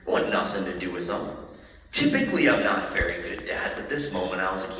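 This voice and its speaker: A man who is a motivational speaker, telling a story to a live audience in an animated way and acting out the voices. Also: low voice, fast, a little hiss or hum. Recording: echoey hall from a distant mic.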